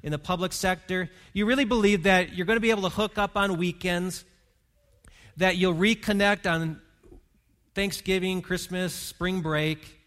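A man's voice: high voice, fairly even intonation, normal speed, a bit bright. A man preaching a sermon as pastor, earnest and pastoral, leading his congregation in prayer and reading. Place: church hall.

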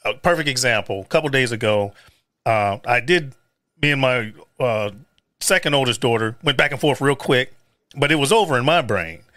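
Male interview host, relaxed, meandering, close dry mic. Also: mid-range voice, normal speed, no room sound. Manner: easygoing, thinks aloud with fillers. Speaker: podcast host. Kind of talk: casual interview.

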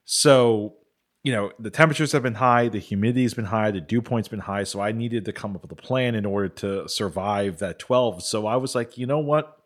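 A man's voice: on the low side, moderate pace. A man co-hosting a podcast, telling a rambling story with plenty of "you know". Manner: chatty, rambling, many "you know" fillers. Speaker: podcast co-host. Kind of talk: casual chat.

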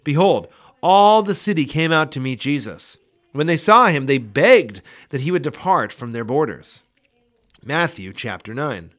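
For a daily scripture podcast, a man with a fairly high voice reads Bible passages aloud. His reading is measured and expressive.

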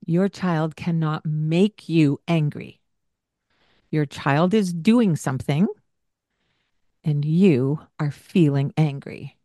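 An older woman hosting a parenting podcast, giving gentle coaching in a soft-spoken way and laughing often. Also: low-pitched, slow pace, pauses often, dry recording, clean studio sound.

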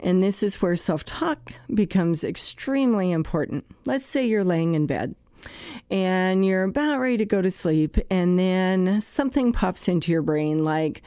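A woman's voice: fairly low pitch, expressive, unhurried, dark tone, no room sound, clean studio sound. A woman hosting a psychology podcast, explaining in a plain conversational way with everyday examples. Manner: explains plainly with everyday examples, acting out anxious self-talk. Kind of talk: conversational talk.

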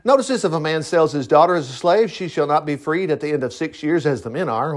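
Animated folksy preacher. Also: male voice, fairly high pitch. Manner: folksy, animated, quick to laugh and digress. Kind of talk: informal Bible teaching.

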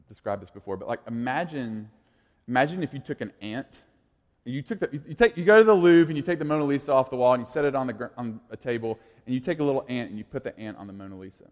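A man in his thirties, working as a youth pastor, delivers a casual, conversational sermon in an echoey hall. His mid-range voice is expressive and slightly dark, and he talks fast, peppering his speech with "like" and frequent restarts.

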